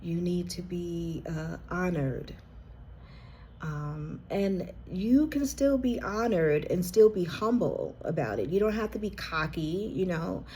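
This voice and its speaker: Slow, husky-voiced woman giving a heartfelt reading. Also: fairly low pitch, animated, warm tone. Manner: earnest, heartfelt, speaks directly to "you"; emotional, near tears at times. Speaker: intuitive card reader. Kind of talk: collective reading addressed to the viewer.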